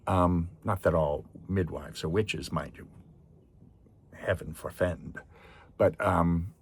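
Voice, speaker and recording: A man's voice: low-pitched, slow pace, a little hiss or hum. A man giving a chatty, digressive film review in which he animatedly retells the story. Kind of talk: casual spoken review.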